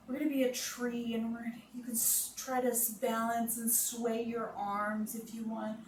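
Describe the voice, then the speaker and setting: A woman leading children through guided relaxation and yoga moves, giving slow, soothing instructions and making playful animal noises. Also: fairly high pitch, level tone. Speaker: kids' yoga teacher. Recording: echoey room, voice from a distance, noisy background.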